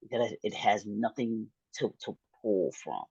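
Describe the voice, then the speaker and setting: A man's voice: lowish voice, lively intonation, unhurried, creaky, darkish tone, husky, dry recording, highs cut off. A man hosting an interview, earnest and repeating himself for emphasis. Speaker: show host.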